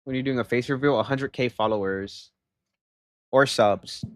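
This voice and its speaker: Young man, live streamer, casual chat, animated, exasperated, mid-pitched, dry sound. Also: normal speed, dry recording. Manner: animated storytelling, gets loud and exasperated.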